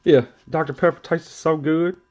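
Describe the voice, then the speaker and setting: A man's voice: a little high, fairly even intonation, moderate pace, darkish tone, lo-fi sound. A man hosting a trading card stream, rambling and joking crudely in casual chat.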